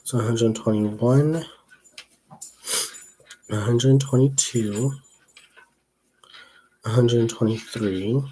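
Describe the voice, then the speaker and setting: A man's voice: medium pitch, extremely slow, long pauses, dark tone, husky. A young man hosting a casual crochet livestream, chatting in a rambling way, reading viewer comments aloud and counting stitches under his breath.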